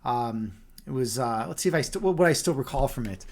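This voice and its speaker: A man's voice: mid-range voice, animated, brisk. A man livestreaming, reading a fairy tale aloud and chatting with viewers in a rambling way, repeating his words.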